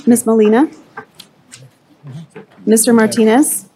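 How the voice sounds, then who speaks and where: A woman clerk with a fairly high voice, calling the roll at a formal meeting. She reads the names and titles briskly and evenly, one after another. A faint noise sits behind her. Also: steady tone, dark tone.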